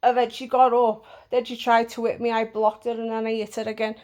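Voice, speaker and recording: A woman's voice: a little high, flat delivery, brisk, darkish tone. A woman telling a storytime vlog bluntly, with plenty of swearing. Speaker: vlogger.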